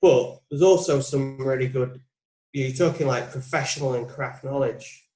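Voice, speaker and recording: A man's voice: mid-range voice, fairly even intonation, moderate pace, darkish tone. Reflective man in his forties, roomy sound. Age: 40s. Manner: reflective, thinking aloud, muses with questions. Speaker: putting coach, guest. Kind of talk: casual coaching conversation. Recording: roomy echo.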